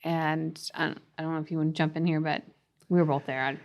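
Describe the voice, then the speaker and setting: A woman co-hosting a parenting podcast, earnestly telling a family story in casual chat, with quick restarts and soft laughs. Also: low-pitched, little pitch movement. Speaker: podcast co-host and parenting author.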